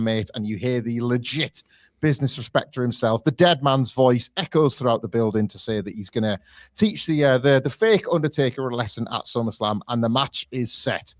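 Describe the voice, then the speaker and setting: A man's voice: mid-range voice, dry recording. Wry man recapping. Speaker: podcast co-host. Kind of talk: casual podcast chat.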